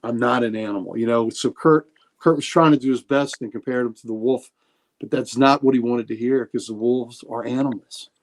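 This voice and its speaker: A man's voice: medium pitch, steady tone, moderate pace. Rambling man retelling a comic. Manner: retells comic scenes, many restarts and fillers. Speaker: podcast co-host. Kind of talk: casual podcast chat.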